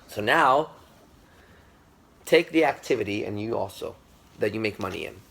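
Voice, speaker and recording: Male teacher, low gravelly voice, husky, animated storytelling lecture. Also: moderate pace, pauses often. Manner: animated storyteller, addresses listeners directly.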